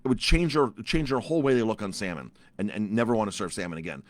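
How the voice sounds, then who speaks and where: Talking fast in a somewhat low, very animated voice, a middle-aged chef who owns a restaurant rants through a story for his casual vlog, repeating himself often.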